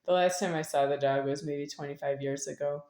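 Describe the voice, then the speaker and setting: Middle-aged woman, very low voice, rambling and repetitive delivery, echoey room. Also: steady tone, fairly quick, warm tone. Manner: meandering, repetitive, with sudden laughs. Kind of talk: rambling spoken monologue.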